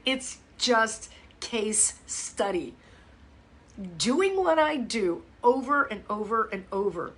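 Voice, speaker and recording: A middle-aged woman fitness coach chatting casually to viewers on a live stream from her phone. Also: sits high. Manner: chatty, animated, talks straight to viewers.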